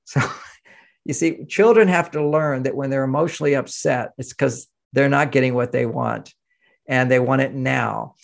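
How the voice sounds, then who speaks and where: An older man with a gravelly, creaky edge to his voice. He talks as an interview guest in an animated storytelling way. He often acts out the voices of the people he quotes. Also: mid-range voice, moderate pace. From United States. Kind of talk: interview conversation.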